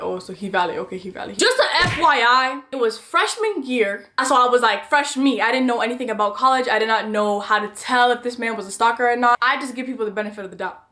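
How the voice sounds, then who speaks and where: A young woman recounting a personal story for her vlog, lively and dramatic in her delivery. Her voice sits a little high. She talks casually and directly to her viewers. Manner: animated, chatty, dramatic retelling. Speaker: vlogger.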